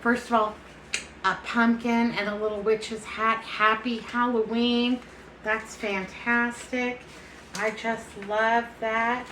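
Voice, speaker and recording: A woman's voice: a little high, flat delivery, takes it slowly, fairly bright tone, reverberant, slight background noise, low-quality recording. A middle-aged woman from the chatting casually to camera, affectionate and folksy, feeling a bit foggy and unsteady. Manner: chatty, affectionate, calls people honey and baby. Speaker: vlogger.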